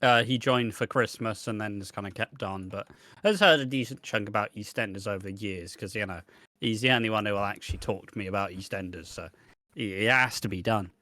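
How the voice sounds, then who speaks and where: A man co-hosting a casual podcast, blunt and sweary in an animated way. His voice is bright and forceful. It is recorded close on a dry mic with no room sound. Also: fairly low pitch, fairly quick, dry recording. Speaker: podcast co-host.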